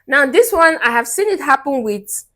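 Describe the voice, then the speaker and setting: A woman's voice: high voice, sing-song, moderate pace, pushed and bright. A young Nigerian woman with a Nigerian accent, talking straight to camera as a relationship coach, emphatic and repetitive, often breaking into a personal story. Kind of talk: direct-to-camera advice talk.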